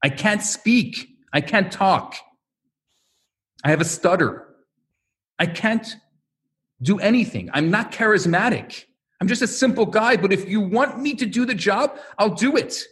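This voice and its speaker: Guy putting on a humble self-doubting prophet, earnest, lowered pleading voice. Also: lively intonation, a little slow, pauses often, fairly bright tone.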